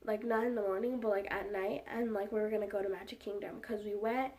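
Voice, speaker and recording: A woman's voice: medium pitch, fairly even intonation, fast talker, few pauses, a little mellow, far from the mic. A young woman vlogger telling a casual storytime, rambling along with lots of "like" and fillers. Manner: rambling, heavy use of "like" and fillers.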